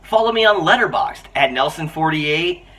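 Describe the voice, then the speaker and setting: A young man giving a casual, excitable film review, rambling with lots of restarts and fillers. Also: on the high side, moderate pace, distant mic. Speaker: movie reviewer.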